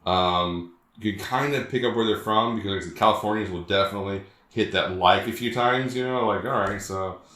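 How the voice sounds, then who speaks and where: A man's voice: on the low side, brisk, bright, forceful tone. Man, southern US, podcast co-host, rambling casual talk, echoey room. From Southern United States. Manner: chatty, rambling, trails off in fillers. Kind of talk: casual chat.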